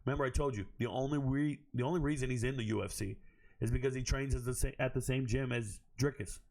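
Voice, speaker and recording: A man hoarse from screaming, giving a blunt, profane and animated monologue recapping fights and bets as the show's host. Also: medium pitch, fast talker. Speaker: MMA betting analyst.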